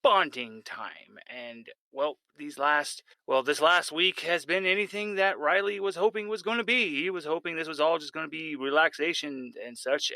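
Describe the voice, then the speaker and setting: A man narrating a tabletop horror role-playing game as game master, in a rambling, animated way with frequent restarts. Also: on the high side, moderate pace, few pauses, no echo, rough recording. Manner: rambling, animated, self-correcting.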